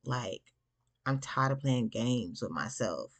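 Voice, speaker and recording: A young woman casually walking viewers through a trading chart, chatty and slangy, with sudden bursts of excitement. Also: rumbling low, slow pace. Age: young adult. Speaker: forex trader teaching backtesting. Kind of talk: casual screen-share trading lesson.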